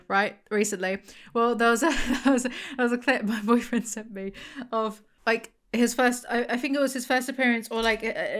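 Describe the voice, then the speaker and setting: A woman's voice: fairly high pitch, fairly bright tone. A woman chatting casually as a book reviewer, rambling and sarcastic, going off on tangents. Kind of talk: casual chat.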